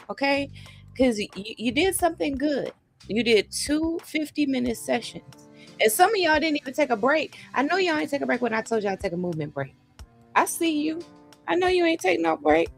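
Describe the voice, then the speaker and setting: A woman's voice: high voice, lively intonation, fairly quick, vocal fry, faint music behind. A woman hosting a writing livestream, chatting casually and encouraging viewers, her voice shaking from a vibration plate. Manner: chatty, encouraging, uses y'all and sis. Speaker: livestream host of writing sessions.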